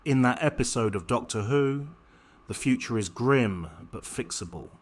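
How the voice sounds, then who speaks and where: A man reading a scripted political commentary in a measured, pointed and sardonic way. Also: medium pitch, lively intonation.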